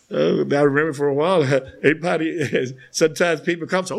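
A man sharing haltingly at a recovery meeting, with frequent restarts and casual asides. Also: on the high side, creaky. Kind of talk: halting personal share. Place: meeting room with an audience.

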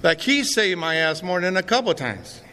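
A middle-aged man gives a testimony at a recovery meeting in a hall, recounting his own story in a raw, profane, streetwise manner. His high voice is very animated and sharp, moving at a moderate pace. The hall is reverberant, with faint room noise.

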